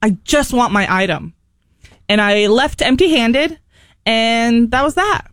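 Animated woman telling a story. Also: fairly high pitch, slow pace, dry recording, studio quality. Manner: animated, laughs often, acts out quotes. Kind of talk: casual storytelling chat.

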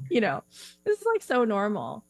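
A woman guest talking casually in an interview, animated and giggly with lots of fillers, on a remote call. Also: fairly high pitch, a little slow, creaky, no room sound, faint music behind.

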